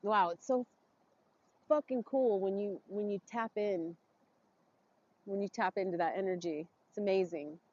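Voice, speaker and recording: A woman speaking a heartfelt, halting blessing and reflection outdoors, emotional and close to tears. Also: medium pitch, darkish tone, muffled recording. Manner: heartfelt, tearful, halting with pauses. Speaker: vlogger doing an outdoor ritual. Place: forest, outdoors.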